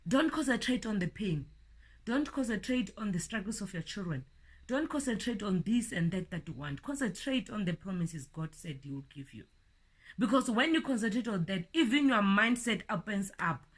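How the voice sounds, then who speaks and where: Middle-aged woman preacher, earnest and heartfelt, mid-pitched voice. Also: animated, moderate pace. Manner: earnest, repeats words, rises in emphasis then drops soft. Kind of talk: informal sermon.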